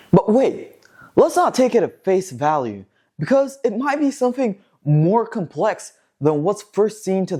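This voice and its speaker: A man's voice: a little high, darkish tone. A man hosting a car news vlog, talking in a jokey, sarcastic, casual commentary style. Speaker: host of a car news show.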